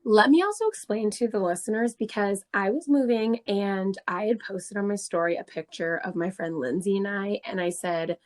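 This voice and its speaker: A young woman in her twenties chats on a podcast with friends. She tells her story in an animated, swear-heavy way, breaking into laughter often. Her voice sits at a mid pitch. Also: moderate pace, few pauses. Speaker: podcast co-host. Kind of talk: casual storytelling chat.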